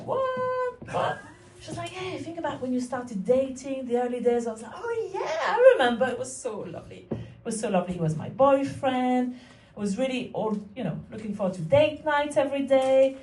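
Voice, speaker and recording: Stand-up, woman, 40s, slightly high voice, dry mock-innocent delivery; roomy distant mic, crowd laughing. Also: fairly quick, warm tone, a little hiss or hum. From France. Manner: wry, mock-innocent, rhetorical asides. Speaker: stand-up comedian. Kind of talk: stand-up comedy set. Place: comedy club stage. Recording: echoey room, mic at a distance. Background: audience laughter.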